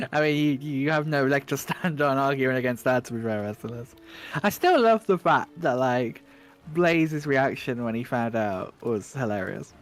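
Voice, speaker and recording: This stream moderator, helping host a speedrun broadcast, talks to the audience in a medium-pitched, animated voice at a measured pace while faint music plays behind him. His chat is light and joking, full of false starts.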